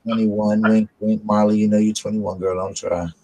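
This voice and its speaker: A man's voice: lowish voice, little pitch movement, normal speed, darkish tone, rough recording. A man hosting a casual live stream, rambling and chatting to his viewers. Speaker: livestream host.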